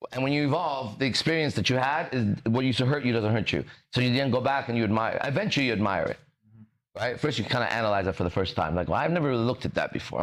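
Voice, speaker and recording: In a motivational conversation, a male podcast host holds forth emphatically and preachily in a fairly bright, mid-pitched voice. He swears without restraint and trips on words as ideas come, keeping his delivery casual throughout.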